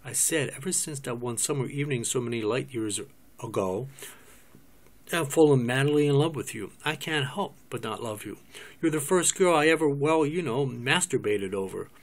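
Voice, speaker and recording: A man's voice: medium pitch, animated, moderate pace. A man reading a bashful, fumbling teacher. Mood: sheepish. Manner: hesitant, fumbling confession. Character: awkward, naive male schoolteacher in love. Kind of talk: cold reading of a stage script.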